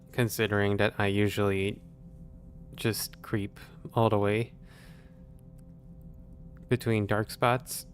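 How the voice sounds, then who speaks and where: A man's voice: on the low side, fairly bright tone. A man playing a stealth video game, thinking aloud in casual commentary with wry, sarcastic asides. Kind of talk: casual let's-play commentary.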